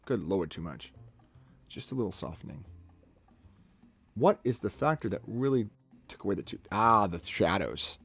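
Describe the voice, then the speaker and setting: A man talking casually on a live stream as he edits photos, narrating each step aloud in a chatty way. His pitch swings widely as he goes, with faint music playing behind him. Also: expressive, vocal fry, fairly bright tone. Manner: chatty, talks himself through each step, quick laughs.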